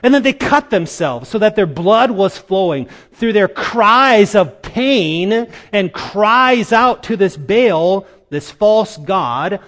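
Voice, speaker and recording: Male preacher, high voice, dramatic storyteller with pauses, recorded in a reverberant hall. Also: expressive, fairly bright tone. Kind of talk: sermon.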